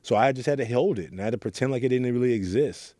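In a reflective interview, a middle-aged Oakland, California youth mentor earnestly shares his story and performs quoted lines. He talks at a quick pace in a mid-range, mellow voice, captured in clean studio sound with no room sound.

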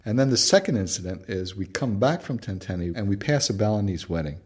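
A man's voice: lowish voice, expressive, fairly quick, darkish tone. A male anthropologist, a guest on a radio interview, telling stories animatedly with frequent fillers and restarts. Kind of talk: casual radio interview storytelling.

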